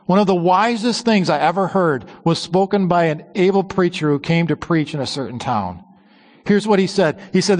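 Emphatic preacher in a long-echo church. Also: male voice. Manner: emphatic, slowing on key words and dropping to a low hush at phrase ends. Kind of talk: sermon.

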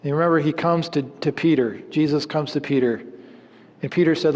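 A man preaching a sermon in an earnest way, his voice dropping low at the ends of phrases. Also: brisk, darkish tone, long reverb tail. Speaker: pastor.

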